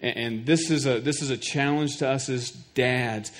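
Here a middle-aged man serves as pastor, delivering a sermon at a moderate pace in a medium pitch with fairly even intonation. He is earnest, tends to repeat a word while building toward a point, and questions the congregation directly.

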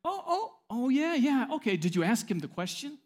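A man's voice: sits high, very animated, a little fast. A man voicing a middle-aged male professor, skeptical and humoring, in a sermon anecdote. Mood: flustered.

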